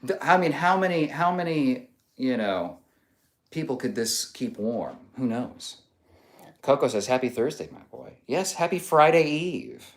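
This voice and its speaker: Playful man streamer with a lively pitch. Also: unhurried. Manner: playful, laughs often, reads comments aloud. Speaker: streamer reading chat. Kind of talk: casual live-stream chat.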